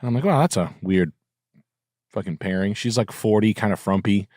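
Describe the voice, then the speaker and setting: A man's voice: fairly low pitch, normal speed, a little mellow, dry recording, clean studio sound. A middle-aged man hosting a podcast, telling a rambling story in a profane, sardonic way. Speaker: podcast host. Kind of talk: casual storytelling chat.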